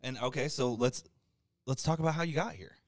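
A man's voice: mid-range voice, fairly quick, no echo, clean studio sound. A man hosting a podcast in casual, swearing, laughing chat. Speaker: podcast host.

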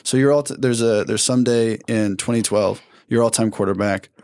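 A man's voice: on the low side, normal speed, dry recording, clean studio sound. A man interviewing a guest, asking questions and steering the story. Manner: steady, prompting, affirming.

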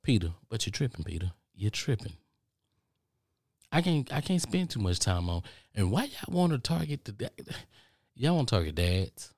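A man's voice: lowish voice, very animated, moderate pace, a little mellow, no room sound, studio quality. A middle-aged man from the United States hosting a podcast, ranting in a casual monologue with lots of repetition and swearing. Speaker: podcast host.

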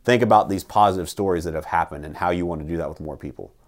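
A man's voice: low voice, fast. A man hosting a casual motivational talk, emphatic and blunt, who swears and keeps asking "right?".

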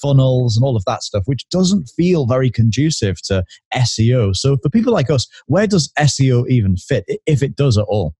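Male co-host, mid pitch, dry close sound, deadpan and playful. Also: moderate pace, hardly any pauses, slightly rough, no room sound. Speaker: podcast co-host. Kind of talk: casual podcast chat.

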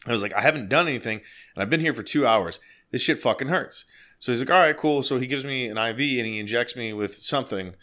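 Animated male guest, profane casual storytelling. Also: mid-range voice, quick pace. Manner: profane, animated, laughing as he tells it.

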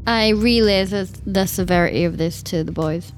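A woman's voice: mid-range voice, normal speed, faint music behind. A woman playing in a tabletop game, wry and sarcastic. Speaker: player.

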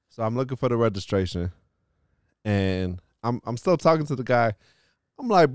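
At a moderate pace, a man with a medium-pitched, clean voice hosts a casual podcast, telling a long story full of swearing and the word "like". It's studio quality, with no echo.

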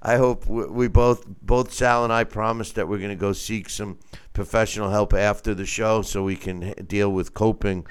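A man hosting a casual sports talk show, speaking animatedly and wryly, with halting fillers. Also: lowish voice, fairly even intonation, clean tone. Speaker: host. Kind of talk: casual sports radio chat.

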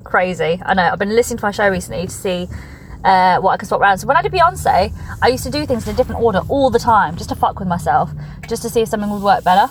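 A woman's voice: medium pitch, lively intonation, fast. A woman of thirty-eight, a stand-up comedian talking in a chatty, self-mocking vlog style. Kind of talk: casual vlog-style monologue. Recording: noisy background.

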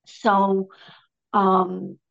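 A woman's voice: mid-range voice, completely flat delivery, extremely slow, creaky, fairly bright tone, highs cut off. A middle-aged woman from Michigan, a podcast guest talking in a loose, rambling way with many fillers and restarts. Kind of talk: casual conversation.

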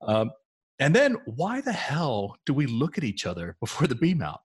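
A middle-aged man co-hosting a podcast in casual chat, easygoing and quick to laugh. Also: mid-range voice, huge pitch swings, slightly rough. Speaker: podcast co-host.

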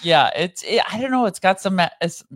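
A woman's voice: lowish voice, expressive, a little fast, dry recording, studio quality. A woman co-hosting a casual chat podcast, teasing her partner and laughing often. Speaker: podcast co-host.

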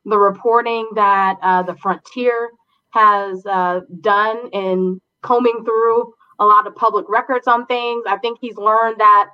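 A woman giving measured, reasoned opinions on politics as a podcast co-host. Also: medium pitch, steady tone, smooth. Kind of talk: casual political commentary. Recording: dull lo-fi sound.

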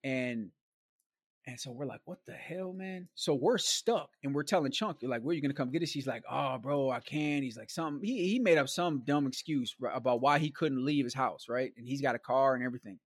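Speaking at a fairly quick clip in a mid-range voice with a breathy edge, a man tells a long story as a guest. His telling is loose and lively, wandering through slang asides and leaning hard on "like," "man" and "bro."

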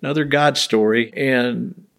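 A man's voice: medium pitch, fairly even intonation, a little slow, vocal fry, fairly bright tone. A middle-aged man, a bereaved father telling earnest stories in a casual interview and acting out the people he quotes. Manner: earnest, acts out quoted voices.

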